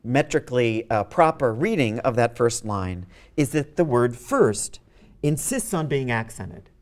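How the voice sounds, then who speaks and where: A man's voice: medium pitch, very animated, measured pace. A man giving a university literature lecture. He thinks aloud, often restarts and repeats words, and reads verse aloud while tapping out its meter with spoken beats.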